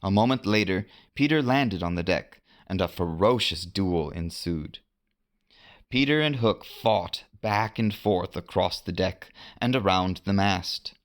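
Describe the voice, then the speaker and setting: A man narrating a storybook adventure in an expressive read-aloud manner. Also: deep voice. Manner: expressive, unhurried.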